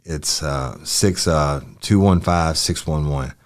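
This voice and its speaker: A man's voice: extremely low pitch, takes it slowly. A man reading out the answers of a young male witness in a police interview, polite and brief. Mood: plain. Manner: short answers, polite "yes, sir".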